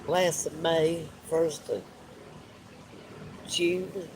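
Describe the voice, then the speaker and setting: A man's voice: on the high side, fairly even intonation, slow pace, creaky, noisy background. A man, crying as he talks heartfelt and repetitive to viewers on a live stream. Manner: tearful, heartfelt, repeats himself. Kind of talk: emotional live stream talk.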